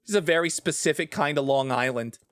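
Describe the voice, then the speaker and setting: A male streamer chatting casually with his viewers as he plays. He rambles, trails off mid-sentence and laughs easily. His voice sits fairly high and sounds close and dry. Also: brisk, fairly bright tone, no echo. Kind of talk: casual gaming stream chat.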